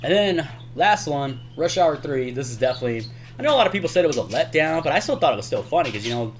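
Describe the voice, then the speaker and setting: A man chatting casually about his favorite movie scenes for his channel. His voice swings lively up and down as he rambles, chuckles and keeps tossing in "man". Faint background noise sits under the recording. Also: fairly high pitch, fast talker, few pauses. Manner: rambling, chuckles often, says "man" and "y'all". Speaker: YouTuber.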